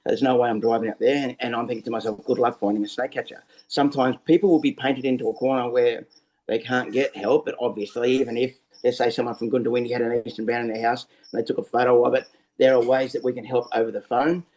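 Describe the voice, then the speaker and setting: Fast-talking Australian man, animated storyteller. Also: mid-range voice, rough recording. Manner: lively storyteller who acts out scenes. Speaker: snake catcher guest. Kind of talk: casual explanatory interview talk. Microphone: video call.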